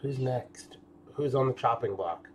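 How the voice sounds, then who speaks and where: A man's voice: medium pitch, measured pace, a little hiss or hum. A man hosting a casual livestream, joking and swearing freely. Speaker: livestream host. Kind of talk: casual chat.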